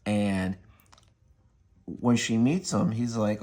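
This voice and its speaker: A man's voice: fairly low pitch, takes it slowly, long pauses, darkish tone. A man casually retelling a comic book story in a rambling way, full of fillers. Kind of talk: casual spoken review.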